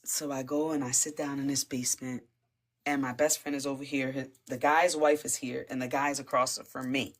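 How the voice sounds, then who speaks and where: A woman guest telling a personal faith testimony in a casual, animated way, often laughing and repeating words as she talks. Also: rumbling low, normal speed. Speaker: interview guest giving testimony.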